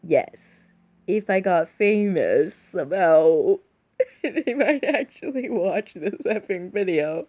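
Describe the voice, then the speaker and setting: A woman's voice: mid-range voice, lively intonation, slow pace, darkish tone. A tipsy woman vlogging in a casual, rambling way, giggling often between her words. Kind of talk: casual rambling chat to camera.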